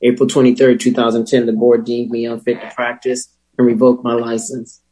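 A man telling his recovery story as a personal testimony, candid and wry, with emotional pauses. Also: medium pitch, monotone, warm tone, breathy edge, poor audio. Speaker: speaker sharing a recovery story.

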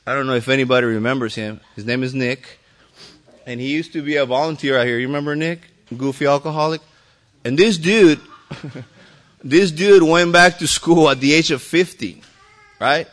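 A man's voice: on the high side, moderate pace, a bit bright. A man speaking at a recovery meeting, telling his own story to the group in a loose, rambling way with many fillers and restarts and some mild swearing.

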